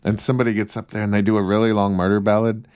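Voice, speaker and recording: A man with a very deep voice chats with dry, wry humor and tells stories at length. The mic is close and the sound dry. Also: little pitch movement, racing, darkish tone, clear, resonant tone, no room sound. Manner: dry humorous, storytelling, mock-announcer bits. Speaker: podcast co-host. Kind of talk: casual chat.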